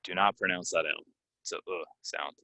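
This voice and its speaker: A young man teaching English pronunciation in a casual spoken lesson, slowing down to model stressed words, with frequent ums. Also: low voice, fairly even intonation, sharp tone, dry recording. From United States.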